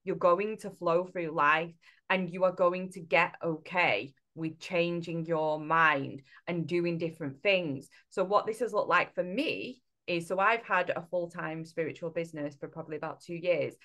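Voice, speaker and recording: A woman's voice: on the low side, moderate pace, a bit bright. A woman co-hosting a podcast as a spiritual coach, talking in an earnest, reflective way with many fillers and restarts. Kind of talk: casual podcast chat.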